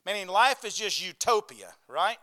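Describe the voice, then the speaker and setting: Here a pastor's voice sits high, sing-song, pushed and bright, at a normal speed. He preaches in a folksy manner, regularly asking his congregation "right?" and calling for an "amen?"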